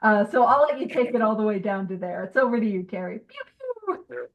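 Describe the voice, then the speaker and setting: A woman leading a recovery group study, reading aloud and adding lively, joking asides. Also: mid-range voice, fast talker, highs cut off. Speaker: meeting chair reading aloud.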